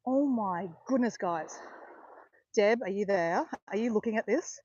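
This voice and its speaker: Excitable woman, breathy voice. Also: medium pitch, measured pace, no room sound. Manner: excitable, gushing, chatty. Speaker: walking vlogger on a live stream. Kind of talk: casual chat to live viewers. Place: outdoors on a beach walk. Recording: dull lo-fi phone audio.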